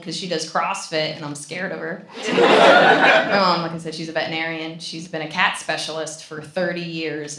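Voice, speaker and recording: A woman doing a stand-up comedy set, telling stories in a sarcastic, animated way with sudden loud outbursts. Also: medium pitch. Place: comedy stage with a live audience. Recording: echoey live room with loud noise.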